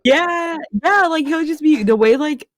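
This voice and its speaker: A young woman co-hosting a casual podcast, talking in an animated, giggly way and filling her speech with "like". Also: high-pitched, measured pace, no echo, studio quality. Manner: animated, giggly, heavy use of "like". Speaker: podcast co-host. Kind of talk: casual chat.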